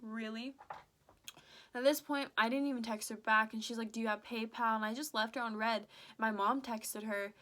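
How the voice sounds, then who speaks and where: A young woman with a slightly high voice talks at an ordinary pace in a storytime vlog. She retells events in an animated, chatty manner, leaning heavily on "like" and replaying quoted dialogue.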